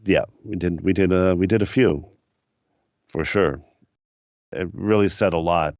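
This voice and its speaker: Telling casual stories from his studio years, this middle-aged US producer meanders with plenty of fillers as a podcast guest. He speaks unhurriedly in a deep, low, slightly mellow voice. The sound is dry and somewhat dull, with no echo.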